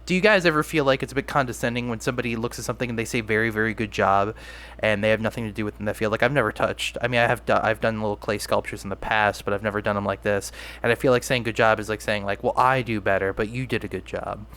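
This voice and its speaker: A man's voice: lowish voice, fairly even intonation, rapid-fire, hardly any pauses, fairly bright tone. Rambling young man hosting a solo podcast. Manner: rambling, self-deprecating, frequent restarts. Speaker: podcast host. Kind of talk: casual solo podcast talk.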